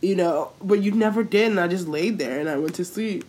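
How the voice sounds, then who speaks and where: A young woman co-hosting a casual chat, telling a story in lively slang with lots of swearing. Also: on the low side, a little fast, a little hiss or hum.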